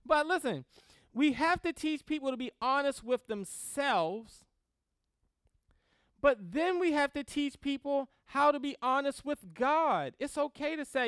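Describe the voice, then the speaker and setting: A woman teaching a Christian class on grief in a lively, conversational way, often laughing and checking in with the class. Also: high voice, a little slow, no echo, studio quality. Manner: animated, laughs often, acts out prayers in quotes; checks in with "right?" and "okay?".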